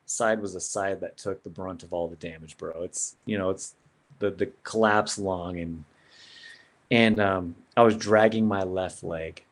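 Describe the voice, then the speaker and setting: A man sharing an earnest personal story as a podcast guest, in a casual way with lots of "man" and "bro". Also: fairly low pitch.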